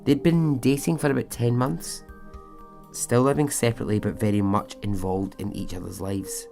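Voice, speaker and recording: A man's voice: medium pitch, gravelly, dark tone. A man hosting a podcast, narrating a true story casually with chatty asides and frequent fillers. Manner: chatty, conversational asides, frequent "you know".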